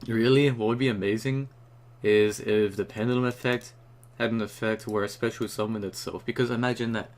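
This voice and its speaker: A young man ranting casually and excitedly about a new card, rambling and swearing often, just after waking up. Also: lowish voice, brisk, hardly any pauses. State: just woke up. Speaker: YouTuber reviewing a card.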